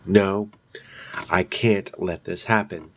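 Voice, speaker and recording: A man reading as a gentle young ghost. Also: sits low, fairly even intonation, slow, a little hiss or hum. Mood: urgent. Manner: soft, earnest.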